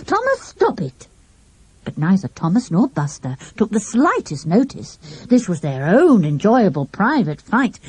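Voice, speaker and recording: A woman reading a children's mystery aloud in a lively, expressive storybook style. Her voice is mellow and slightly husky, and her pitch moves a great deal. The recording is close-miked and dry. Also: dry recording. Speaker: audiobook narrator. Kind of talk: storybook narration.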